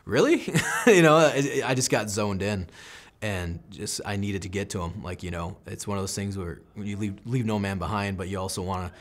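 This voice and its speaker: A deep, low-pitched American man in his thirties tells a war story in an interview. He recounts the action intensely in the first person and slips into the voices of the people involved. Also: fairly even intonation, a little fast. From United States. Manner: intense first-person combat recounting, acts out quoted lines. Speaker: military veteran guest.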